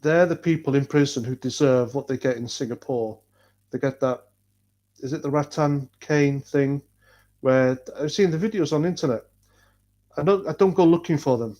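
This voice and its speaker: A man's voice: fairly high pitch, normal speed, mellow, highs cut off. A man from North Wales with a North Welsh accent, chatting casually on a livestream, blunt and rambling, swearing freely. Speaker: livestream host reading chat.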